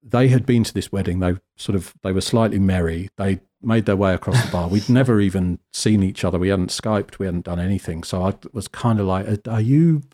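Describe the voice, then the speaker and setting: A British man telling a lively, self-deprecating story as a guest photographer in a casual interview. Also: deep voice, a little fast, hardly any pauses. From Britain. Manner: animated, self-deprecating, acts out quotes.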